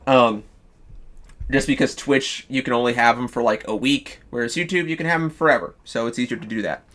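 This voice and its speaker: A man streaming live, pitching a story in loose casual chat, swearing freely and restarting sentences. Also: a little fast, fairly bright tone. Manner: profane, loose, full of fillers and restarts.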